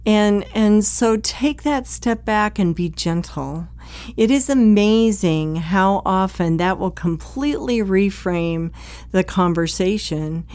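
A woman's voice: medium pitch, lively intonation, slow pace, a little mellow, no echo. A woman hosting an advice podcast, speaking conversationally and acting out short quoted exchanges between partners. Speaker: podcast host, psychologist.

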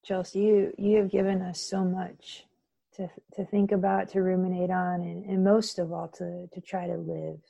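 A woman hosting an interview, speaking gently and haltingly, often repeating words as she gathers her thoughts. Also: on the low side, level tone, gravelly, no echo, muffled recording. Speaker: interview host.

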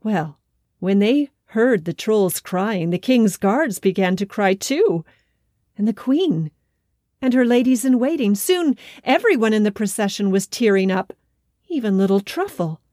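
A woman telling a children's storybook tale with gentle, expressive narration and folksy asides. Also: mid-range voice, measured pace, no echo, clean studio sound.

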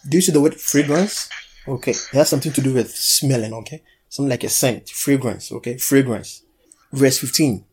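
A man's voice: medium pitch, fairly quick, a little hiss or hum. A man preaching a sermon, urging and leading the congregation in call-and-response. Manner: exhorting, leads call-and-response.

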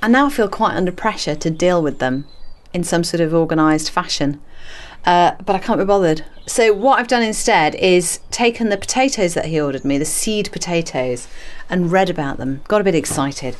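A woman's voice: on the low side, moderate pace. Chatty woman in her garden. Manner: chatty, self-mocking, rambling with playful asides. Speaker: gardening podcast host. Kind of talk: casual gardening podcast chat. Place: garden and small greenhouse, outdoors.

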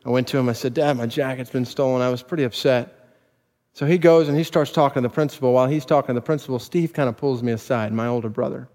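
A pastor telling personal stories in a sermon, building to emphatic preaching before a congregation. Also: male voice, medium pitch, fast talker, a little mellow. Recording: long reverb of a large hall.

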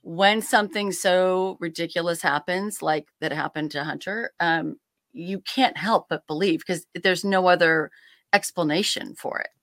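Middle-aged woman guest, eager storyteller, lowish voice, dry sound. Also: a little slow, fairly bright tone, no echo. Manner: enthusiastic, sets the scene. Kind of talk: casual storytelling.

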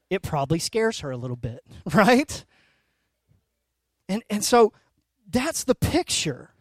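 A man in his thirties preaching a sermon as a pastor, telling stories in an animated way that swings from soft to loud, and often checking in with "right?" and "okay?". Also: sits high, takes it slowly, long pauses, no echo.

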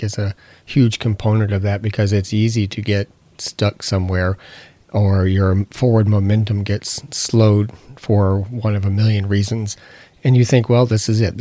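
A man co-hosting a podcast, talking in a calm, encouraging, steady way. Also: on the low side, no room sound. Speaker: podcast co-host. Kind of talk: casual podcast talk.

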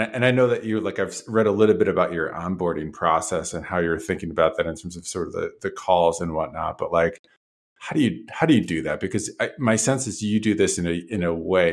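Male podcast host, low voice, rambling hedged questioner. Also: fairly quick, creaky. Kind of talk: casual podcast interview.

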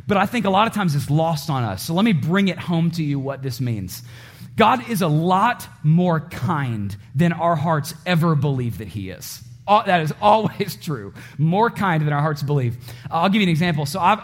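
A high-pitched man in his thirties preaching to his congregation. He delivers the sermon with lively energy, turns often to address the listeners directly, and acts out the voices in his stories. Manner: animated preaching, acts out voices and story scenes. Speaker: pastor.

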